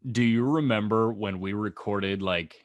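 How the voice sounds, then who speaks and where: A man's voice: fairly low pitch, unhurried, dry recording. A man in his twenties co-hosting a casual podcast, wry and teasing with dry jokes. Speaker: podcast co-host.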